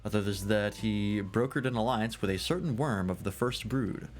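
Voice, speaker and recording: A man's voice: on the low side, moderate pace, close to an everyday voice. A man reading game dialogue aloud in character, voicing a jovial, long-winded male scholar fond of drink, in a grandiloquent, theatrical storytelling manner.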